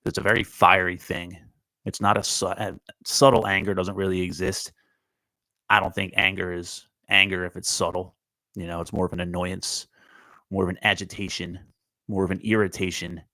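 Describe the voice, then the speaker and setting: A low-voiced man rambles through his own morning show, blunt and full of swearing. He talks straight to his viewers while out walking. The sound is dry and close. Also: flat delivery, moderate pace, bright, forceful tone, dry recording, low-quality recording. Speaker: host of a morning talk show. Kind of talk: casual rambling chat on a morning walk. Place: outdoors, walking.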